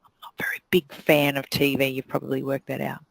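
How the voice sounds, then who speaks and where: A woman's voice: a bass voice, monotone, fast talker, creaky, dry recording, low-quality recording. Blunt New Zealand woman giving advice. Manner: blunt, direct, acts out quoted voices. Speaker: salon business coach. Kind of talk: motivational talk.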